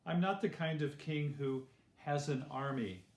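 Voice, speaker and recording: A man voicing a calm, gentle teacher who calls himself a king, speaking earnestly in a children's story. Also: a little high, a little slow. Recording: roomy echo.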